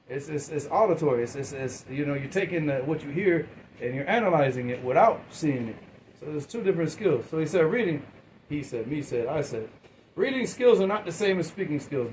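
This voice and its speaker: Guy lecturing a class, keeps asking questions, repeats words a lot, kinda high voice, a bit of room hum. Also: darkish tone, poor audio. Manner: asks the class questions and waits for answers; repeats and restarts words, informal. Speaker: teacher.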